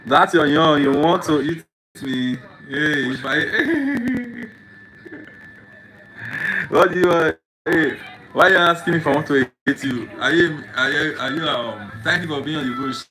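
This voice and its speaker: Livestream host, man, slightly high voice, playful repetitive banter, music underneath. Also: normal speed, sharp tone, low-quality recording. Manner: repetitive, teasing questions to chat. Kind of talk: casual livestream chat with viewers.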